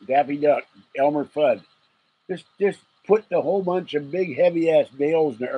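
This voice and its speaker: Guy rambling late at night on his stream, kinda husky, slightly high voice, jokey and sleepy. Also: rough recording. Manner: rambling, joking, chuckles often. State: getting sleepy. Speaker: livestream host.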